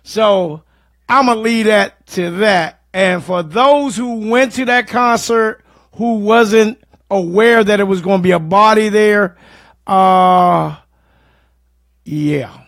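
A man gives blunt opinions as co-host of a casual livestream. His voice sits high for a man, and he speaks at an unhurried pace. The sound is dry, with no room echo. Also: a bit bright.

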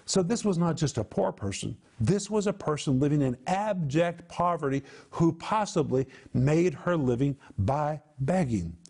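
Brief: male TV Bible teacher, emphatic and explanatory, a little higher-pitched than most men. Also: lively intonation, measured pace, few pauses, darkish tone, breathy edge. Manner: emphatic, explains word meanings, repeats for stress.

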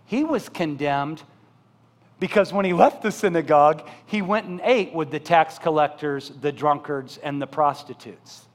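High-voiced pastor preaching in a reverberant hall. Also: male voice. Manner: preaching with swings between loud emphatic build-ups and soft slow pleas; talks directly to the congregation with questions. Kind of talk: sermon. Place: church sanctuary.

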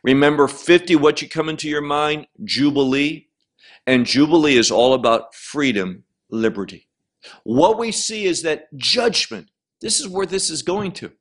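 A man's voice: a little high, expressive, normal speed. A man teaching verse by verse through a Bible chapter, stressing each point and explaining Hebrew words.

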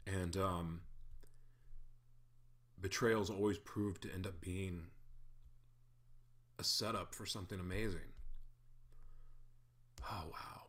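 Candid, low-voiced man reflecting on faith. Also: steady tone, slow, pauses often, fairly bright tone. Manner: candid, confessional, self-deprecating; chuckles often, stumbles and restarts. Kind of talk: casual spoken faith reflection.

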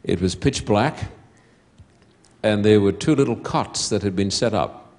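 Slow, deliberate man preaching. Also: fairly low pitch. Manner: slow, deliberate storytelling with hushed quiet passages. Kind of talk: sermon.

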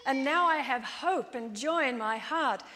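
A woman preacher retelling, in first person, the testimony of a lonely widowed woman, told quietly and confessionally. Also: sits high, a little slow. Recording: long church-hall reverb.

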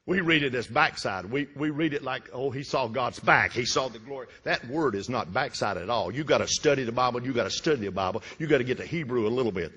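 A man preaching a fervent sermon, repeating lines and swinging from loud bursts to hushed drops. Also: medium pitch, expressive, fast talker, hardly any pauses, husky, dull audio. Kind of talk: Pentecostal-style sermon. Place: church sanctuary. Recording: reverberant church hall.

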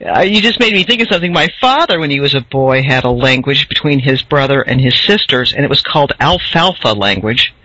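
A woman's voice: rumbling low, expressive, fairly quick, hardly any pauses, no room sound. A woman interviewer asking curious questions and sharing family memories in a casual chat. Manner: warm, curious questions, laughs often. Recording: dull lo-fi dry recording.

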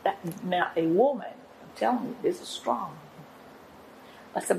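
A woman's voice: mid-range voice, a little slow, creaky, a little mellow, slight background noise, poor audio. An older woman, a guest apostle and pastor, telling her testimony in an interview in an earnest, preacherly way.

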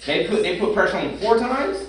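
A man's voice: high voice, big pitch swings, fast talker. A man co-hosting a casual group chat, arguing emphatically with rhetorical questions. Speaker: co-host. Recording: echoey room, mic far off.

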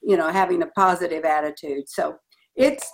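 A woman's voice: low voice, steady tone, moderate pace. Earnest storytelling woman. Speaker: guest. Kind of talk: storytelling in an interview.

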